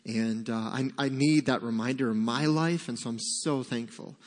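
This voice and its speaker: A man preaching a sermon as pastor, speaking in a heartfelt, halting way with many fillers. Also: medium pitch, big-room sound. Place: church sanctuary.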